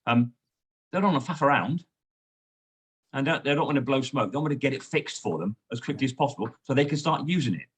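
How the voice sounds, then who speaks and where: A man, a sales trainer and guest, coaching in a lively, emphatic way. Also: medium pitch, fast talker, slightly rough. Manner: lively, emphatic coaching with frequent "you know". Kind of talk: coaching conversation.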